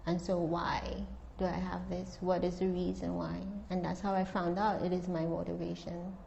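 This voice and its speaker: Mellow-voiced woman therapist, earnest. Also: lowish voice, level tone, normal speed, creaky, lo-fi sound, slight background noise. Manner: earnest, reflective storytelling. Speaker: therapist guest. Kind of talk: casual interview.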